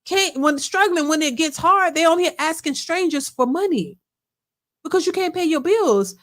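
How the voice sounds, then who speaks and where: A woman's voice: very high voice, lively intonation, normal speed, a bit bright. A woman hosting a live reaction stream, talking emphatically and often repeating herself while addressing her chat. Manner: emphatic, repetitive, talks to chat. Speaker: reaction channel host. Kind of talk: casual live reaction commentary.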